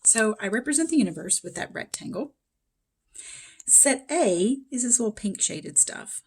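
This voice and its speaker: Female math instructor, slightly hoarse, easygoing explanatory lecture delivery with fillers. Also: on the high side, very animated, moderate pace. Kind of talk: recorded lecture.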